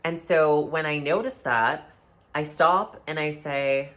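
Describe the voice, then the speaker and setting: A woman's voice: low voice, slow. A woman talking about breathing and the body in a casual, earnest, instructive way, often restarting her phrases. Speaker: podcast speaker on somatic healing. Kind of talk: casual explanatory talk.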